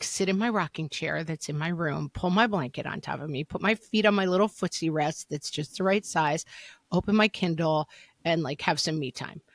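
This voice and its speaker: A woman in her forties co-hosting a podcast in casual chat, telling animated stories and acting out loud quoted voices. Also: on the low side, no room sound, studio quality. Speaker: podcast co-host.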